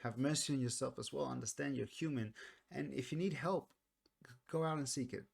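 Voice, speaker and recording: A man talking casually through a song's meaning, earnest and reflective, often pausing and restarting his sentences. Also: medium pitch, vocal fry, slightly rough. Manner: earnest, reflective, soft-spoken. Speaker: music reaction vlogger. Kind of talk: casual song commentary.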